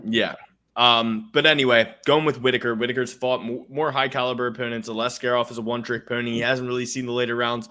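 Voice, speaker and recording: A man's voice: medium pitch, sharp tone. A man co-hosting a sports betting podcast, brash, profane and emphatic in casual chat. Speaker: podcast co-host making fight picks.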